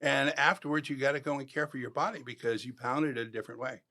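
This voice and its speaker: A former football player in his sixties tells animated stories in a podcast interview, talking fast in a medium-pitched voice. He acts out the voices of the people he quotes.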